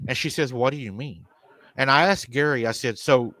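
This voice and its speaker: A man's voice: medium pitch, a little fast, sharp tone, no room sound. A man hosting a live paranormal stream, retelling a family's story and quoting the people in it. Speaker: paranormal show host.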